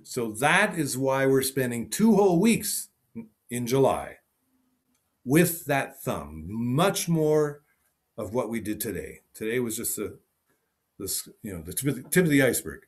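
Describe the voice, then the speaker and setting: A man's voice: mid-range voice, sing-song, a little slow. Man teaching piano over a video call. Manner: thinking aloud, demonstrating with short repeated phrases. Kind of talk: online teaching session.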